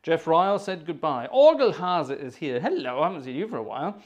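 A man's voice: a little high, very animated, a little fast. A man hosting a livestreamed organ concert, greeting viewers by name in a chatty, joking way and mocking himself. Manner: chatty, jokey, self-mocking asides. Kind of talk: casual chat greeting viewers.

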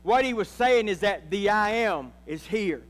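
A man's voice: sits high, lively intonation, a little slow, fairly bright tone, big-room sound. A man, a pastor, preaching a sermon and calling out to his congregation. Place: church sanctuary.

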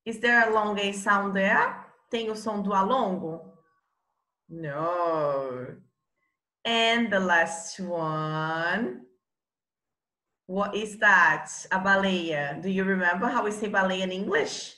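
Slow, patient woman teaching. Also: mid-range voice, pushed and bright, roomy sound. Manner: patient, coaxing, checks in often with questions. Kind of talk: online phonics lesson for children.

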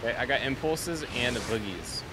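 A young man leading his squad in a shooter, calling plays and getting loud and excited when a fight breaks out. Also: medium pitch, brisk, noisy background. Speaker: streamer, in-game leader. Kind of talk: casual gaming callouts. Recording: loud game music behind voice chat.

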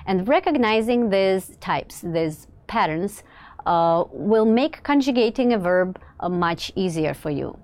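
Woman teacher walking through verb endings, steady and clear, some uhs, slows down on examples. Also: medium pitch, no echo. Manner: clear, measured explaining with occasional "uh" fillers; slows down to model example words. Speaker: language teacher. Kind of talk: recorded grammar lesson.

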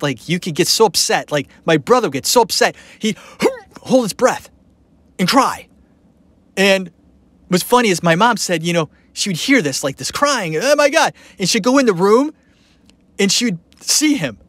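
A man with a voice that sits high hosts a podcast, giving casual commentary on a documentary. He's animated and opinionated, rambling along with plenty of fillers, and the recording is dry.

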